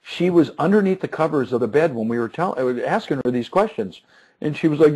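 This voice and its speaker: A man in his fifties, a success coach, telling an animated story in an interview, chuckling and often restarting his words. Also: fairly high pitch, fast talker, breathy edge, low-quality recording.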